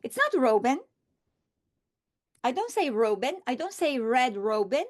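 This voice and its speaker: A middle-aged woman teacher modeling a reading strategy aloud, slow and deliberate, repeating words for emphasis. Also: sits high, very animated.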